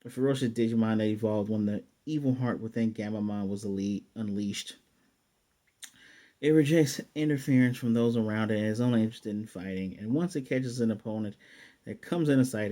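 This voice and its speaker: A man's voice: on the low side, normal speed, mellow. A man recapping and reviewing an anime episode in a casual, rambling way, often mocking what he describes. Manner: sarcastic, mocking, rambling with restarts.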